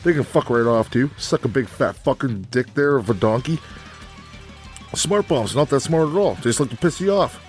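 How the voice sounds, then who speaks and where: A man's voice: mid-range voice, animated, normal speed, soft background music. Foul-mouthed man in an angry rant. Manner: angry, foul-mouthed, laughs between jabs. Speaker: co-host reviewing a video game. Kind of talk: profane comedic rant.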